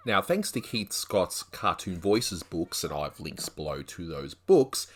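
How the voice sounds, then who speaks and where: A man with a low voice walks through his review of a vintage cartoon. He talks casually, pausing for asides and small hedges as he thinks aloud. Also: very animated, faint music behind. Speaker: animation reviewer. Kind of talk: video review commentary.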